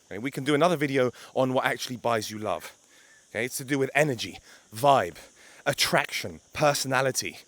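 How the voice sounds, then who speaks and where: A man's voice: mid-range voice, fairly bright tone, no echo. A young man talking to camera outdoors by a beach, a blunt, emphatic life coach who swears for emphasis.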